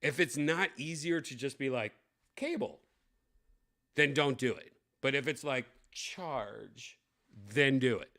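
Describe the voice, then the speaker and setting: A man's voice: medium pitch, moderate pace, few pauses, sharp tone. A young man giving blunt, profane unboxing commentary, ranting with lots of fillers. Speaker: tech vlogger unboxing a VR headset.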